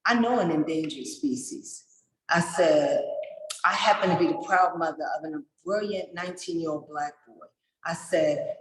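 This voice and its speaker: Woman in her 40s, passionate and animated storyteller, voice echoing in the room. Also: sits low, slight background noise. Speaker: summit speaker. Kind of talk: storytelling remarks at a virtual summit. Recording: echoey room.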